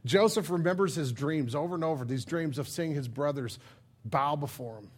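A man preaching a sermon, retelling a Bible story in a lively, casual way and acting out the characters' lines. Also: on the high side, moderate pace, breathy edge.

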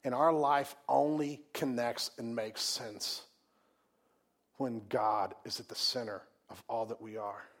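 Male pastor, mid-pitched, conversational preacher with loud, emphatic peaks and hushed drops. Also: steady tone, takes it slowly. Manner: conversational, repeats words and restarts. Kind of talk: sermon.

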